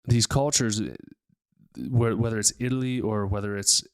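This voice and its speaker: A man's voice: on the low side, fairly even intonation, normal speed, clear, resonant tone. A man hosting a health show, giving blunt, emphatic advice in a casual, repetitive way. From United States. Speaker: chiropractor-style health podcast host.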